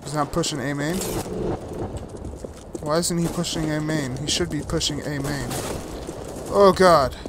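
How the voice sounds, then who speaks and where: A man giving live commentary on his own shooter game, excitable and self-mocking, who breaks into sudden whoops and cheers. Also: fairly high pitch, unhurried, long pauses, noisy background. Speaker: gaming YouTuber. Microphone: desktop USB microphone. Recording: game gunfire loud behind voice. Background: shooter game gunfire and effects.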